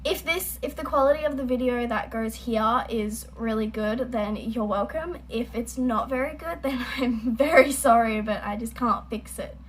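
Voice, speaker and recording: A woman's voice: fairly high pitch, normal speed, few pauses, a little hiss or hum, rough recording. A young woman hosting a reaction video at home, chatting casually in a rambling, apologetic way. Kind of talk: casual chat. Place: at home, indoors.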